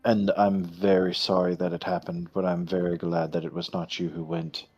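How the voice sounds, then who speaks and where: Man doing a somber monster hunter, husky, deep, slow and halting. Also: flat delivery, darkish tone, muffled recording, faint music behind. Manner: halting, earnest report. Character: solemn male monster hunter.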